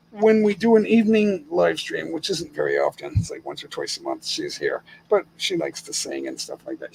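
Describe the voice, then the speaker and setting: A man's voice: sits high, creaky, a little mellow, husky, low-quality recording. An older man from the United States hosting a casual live stream chat from home, speaking bluntly and with opinions, chuckling often.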